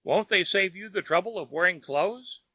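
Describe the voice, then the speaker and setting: A man voicing a calm, kindly neighbor who teases in a mild way. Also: sits high, moderate pace, dry recording, pitched above the performer's own voice, exaggerated voice. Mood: mocking. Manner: mild, teasing.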